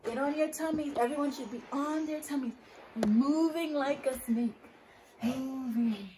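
Slow sing-song preschool teacher woman. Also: sits high, reverberant, distant mic, noisy background. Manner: sing-song, encouraging, speaks slowly and clearly to children. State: out of breath. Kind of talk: online circle time lesson for young children.

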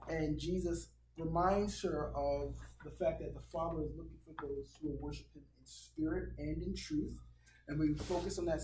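Fairly high-pitched and mellow, this man is a pastor running a worship class casually, cracking jokes and briefly mimicking voices. There's slight background noise, with an audience present, the mic distant, and the room echoing.

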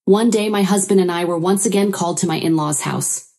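A woman tells a first-person story aloud, keeping a steady storytelling delivery. Her voice sits fairly low for a woman. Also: brisk. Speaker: narrator.

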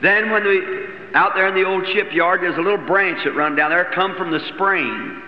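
Man, folksy sermon storytelling, rather high voice, dull old recording. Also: normal speed, echoey room, long reverb tail. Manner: plain rural phrasing, personal anecdotes. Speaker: preacher.

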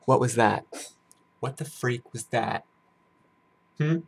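A young man from the United States reacting to a music video on his vlog, gushing with loud bursts and hushed awe. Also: mid-range voice, takes it slowly, creaky, slight background noise. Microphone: headphones on, camera mic.

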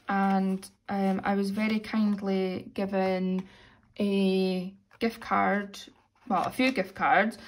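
A young British woman, a little hoarse, chatting casually as she counts out cash for her weekly budget. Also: medium pitch, a little hiss or hum. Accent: British English. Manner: chatty, self-narrating, counting money aloud. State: slightly hoarse, losing voice. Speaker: budgeting vlogger. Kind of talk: casual chat while cash stuffing.

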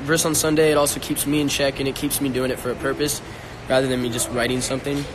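A man's voice: medium pitch, level tone, fast, background noise. A young man on a casual live stream, a musician talking loosely in slang on his phone. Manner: slangy and loose, raps and sings along. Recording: loud music playing behind.

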